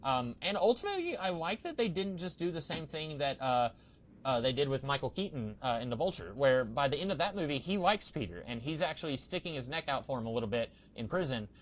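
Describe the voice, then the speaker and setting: A man's voice: a little high, sing-song, fairly quick, slight background noise. A young man hosting a podcast, chatting casually and rambling with many restarts. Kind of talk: casual chat. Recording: dull lo-fi podcast audio.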